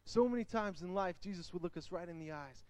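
A young man giving an energetic youth sermon, telling stories and acting out quotes. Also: sits high, quick pace. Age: young adult. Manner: animated storytelling, acts out quotes. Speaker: youth speaker.

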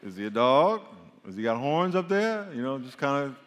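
A man's voice: mid-range voice, big pitch swings, moderate pace, a bit bright. A man preaching a sermon to a congregation, reading scripture and explaining it in a humorous, conversational way. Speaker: pastor. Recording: long hall reverb.

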